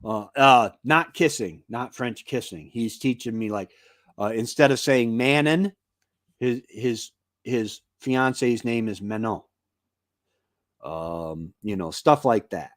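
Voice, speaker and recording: A man's voice: medium pitch, slow, no echo, clean studio sound. A man hosting a casual live stream, rambling and chatty as he greets viewers by name from his home.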